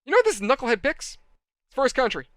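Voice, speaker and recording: This hobby channel host has a very high voice and a brisk delivery, recounting an animated, exasperated anecdote directly to viewers while model building. The audio is studio quality, without echo.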